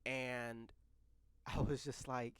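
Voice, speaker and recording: A man in his twenties telling a personal story in a casual, animated way, laughing often, stumbling and restarting, swearing freely and talking straight to his viewers. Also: medium pitch, slow pace, clear, resonant tone, dry recording.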